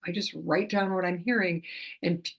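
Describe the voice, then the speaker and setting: A middle-aged woman, an animal communicator, explaining her work in a casual talk to camera, chatty with frequent restarts and soft laughs. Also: on the low side, fairly even intonation, normal speed, gravelly, slightly rough.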